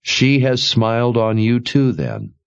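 A man voicing a widowed husband, calm and quietly smug, speaking in a measured, gently ironic way. The voice is low and unhurried. The dry, slightly dull audiobook recording has no room sound. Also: creaky, smooth, heavily acted. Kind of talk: audiobook character voice.

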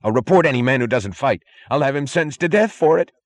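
A man voicing a blustering male prison chief who yells in frantic panic in an audiobook. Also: sing-song, fast talker, no echo. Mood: panicked shouting. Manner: shrill, yelling, frantic. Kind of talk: audiobook character voice.

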